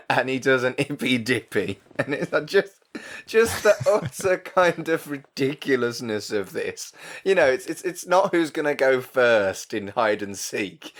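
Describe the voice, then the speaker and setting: A man's voice: mid-range voice, sing-song, slow, fairly bright tone. A man with an ordinary mid-range voice co-hosts a podcast. He chats casually and breaks into giggles easily. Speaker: podcast co-host. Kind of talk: casual chat.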